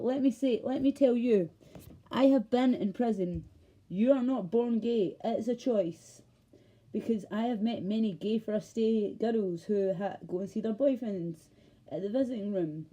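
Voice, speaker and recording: A Scottish woman vlogger rants casually to camera, heated and rambling, swearing and breaking off mid-thought. Her voice is mid-range with a warm tone.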